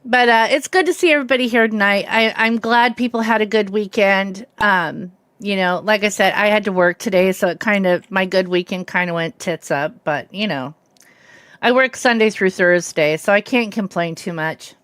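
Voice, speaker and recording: A woman in her fifties with a faint Southern twang, hard of hearing, chatting loosely and laughing easily as she streams a game. Her voice is smooth and clear, in the middle of the range, recorded close and dry with no room sound. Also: medium pitch, moderate pace, a bit bright, dry recording. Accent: slight Southern American. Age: 50s. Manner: chatty, rambling, laughs easily, greets viewers by name. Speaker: livestream host. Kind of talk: casual chat with viewers while streaming a game.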